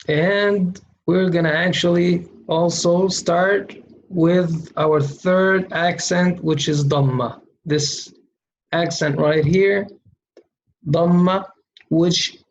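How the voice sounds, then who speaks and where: A man's voice: a little high, a little hiss or hum, poor audio. A man teaching Quran reading in an online lesson, patiently drawing out syllables for students to repeat.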